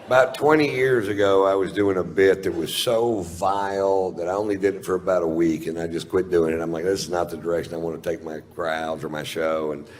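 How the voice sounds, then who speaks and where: A man's voice: deep voice, fairly even intonation, brisk, hardly any pauses, in a large hall, a faint crowd, slight background noise. A man telling a long profane story in stand-up, rambling and self-mocking, on a live stage. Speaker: stand-up comedian.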